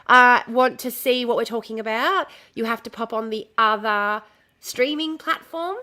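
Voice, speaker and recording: Her voice is fairly high, bright, and forceful, at a moderate pace. She's a streamer in a loose livestream chat, showing the dress she's sewing, losing her train of thought, and cursing freely.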